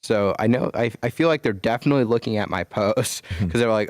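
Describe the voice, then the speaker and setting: Earnest, low-voiced male guest. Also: brisk, hardly any pauses, darkish tone, no echo, clean studio sound. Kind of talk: casual interview answers.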